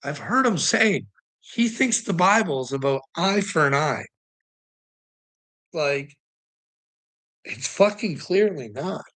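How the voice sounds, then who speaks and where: A man with a somewhat high voice delivers a fiery solo rant. He swears constantly and breaks into short laughs between points. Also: very animated, takes it slowly, pauses often, a bit bright. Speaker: vlogger. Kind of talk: profane ranting monologue.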